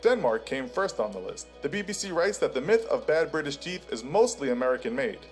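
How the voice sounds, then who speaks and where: A man's voice: a little high, sing-song, fairly quick, soft background music. A man giving scripted documentary-style narration with a wry, teasing delivery.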